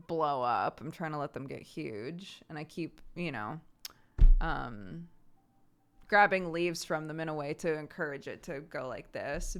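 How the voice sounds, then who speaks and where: A woman's voice: low-pitched, fairly bright tone. A woman in her thirties chatting casually with her stream viewers, telling home stories and laughing often. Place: home in the countryside.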